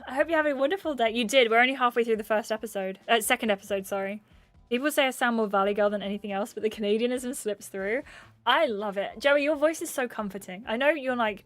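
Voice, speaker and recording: A woman's voice: a little high, no echo. Bubbly young English woman streaming. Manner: bubbly and chatty, quick laughs and gasps. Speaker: gaming streamer. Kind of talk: casual livestream chat, reading out viewer comments.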